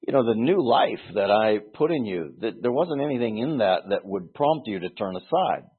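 A man with a low, husky voice teaches scripture with earnest explanation, stopping to restart phrases and leaning hard on single words. The sound is thin and tinny, like a phone line. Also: expressive, normal speed. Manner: earnest, explanatory, with frequent restarts and emphatic stresses. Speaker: Bible teacher. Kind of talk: expository Bible teaching.

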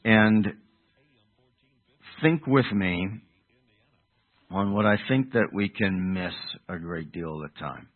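A man preaching an expository sermon, halting and correcting himself as he goes, asking the listeners rhetorical questions. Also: deep voice. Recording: tinny phone-like narrow sound.

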